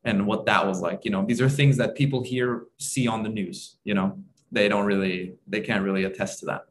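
A man's voice: fairly low pitch, steady tone, fairly quick, slight background noise. A young man from Turkey co-hosting a casual podcast over a video call, talking eagerly in rambling bursts with restarts. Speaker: podcast co-host.

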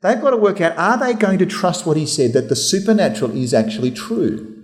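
A man's voice: high voice, expressive, brisk. A man preaching a sermon, telling the story vividly and acting out the voices of the people in it. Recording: hall reverb.

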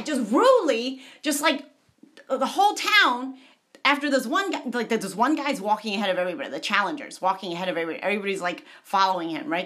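A woman casually retelling a movie, rambling and animated and adding her own sound effects. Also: a little high.

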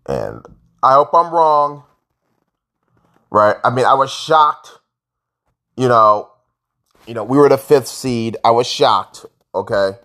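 A man ranting casually as a sports fan vlogger, frustrated, jumping between loud outbursts and low mutters. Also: big pitch swings, slow, long pauses.

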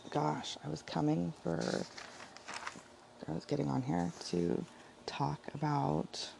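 A woman chatting casually about her Bible devotions, rambling and correcting herself often, with a heavy vocal fry. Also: low voice, fairly even intonation, slow, background noise. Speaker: vlogger sharing Bible devotions.

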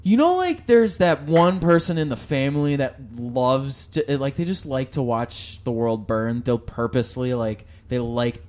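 A man's voice: mid-range voice, very animated, unhurried, few pauses, darkish tone. A man co-hosting a casual podcast who jokes, rambles and swears freely. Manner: joking, profane, rambling. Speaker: podcast co-host. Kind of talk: casual chat.

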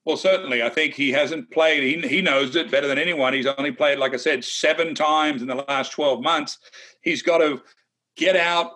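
A man's voice: a little high, moderate pace, pushed and bright. A man who is a former tour golfer co-hosting a golf analysis chat, blunt and emphatic with some teasing.

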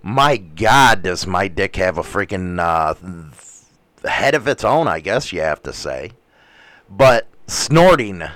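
A man in a livestream chat with a fairly high, very lively voice that swoops up and down as he talks. He goes slowly and rambles, dropping crude, profane jokes. The sound is dry and close, with no room around him. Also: dry recording. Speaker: livestream host reading chat. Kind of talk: casual crude livestream commentary.

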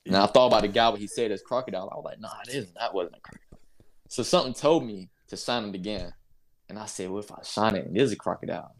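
A young man from North Carolina, a basketball player, telling a story as an interview guest in a casual, animated way, laughing and acting out the people in it. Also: fairly low pitch, rapid-fire. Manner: animated, laughs while telling, acts out voices.

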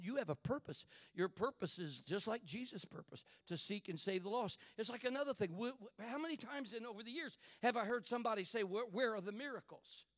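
A man preaching a fervent sermon in church, building to shouts and calling out to the congregation. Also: high-pitched, no room sound, studio quality.

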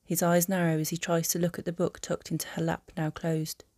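A woman narrating a fan audiobook in a calm, even storytelling manner. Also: on the low side, fairly quick, no room sound, clean studio sound.

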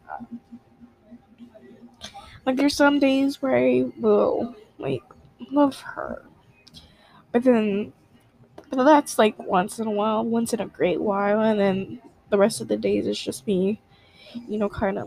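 A young woman student venting about her parents in a halting, hurt way, full of fillers, in an emotional confessional vlog. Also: fairly high pitch, darkish tone, slightly rough, low-quality recording.

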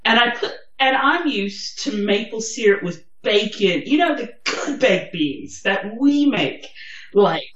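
A woman with a posh English accent, co-hosting a podcast in casual chat, animated and swearing freely. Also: mid-range voice, unhurried, echoey room, lo-fi sound. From Germany. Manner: animated, swears and laughs often. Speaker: podcast co-host.

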